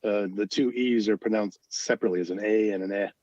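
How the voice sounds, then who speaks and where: A man's voice: on the low side, fairly even intonation, fast, darkish tone. A man from Los Angeles joins a podcast as a guest, answering in a friendly, explanatory way. His voice comes through a remote call that sounds dull and lo-fi. The sound is dry, with no room echo. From Los Angeles, USA. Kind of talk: casual interview answers.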